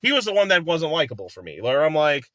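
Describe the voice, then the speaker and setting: Bright-voiced enthusiastic male movie reviewer. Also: fairly high pitch, sing-song, fast, no echo. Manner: rambling, enthusiastic, laughs often, acts out movie lines. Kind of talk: casual movie review chat.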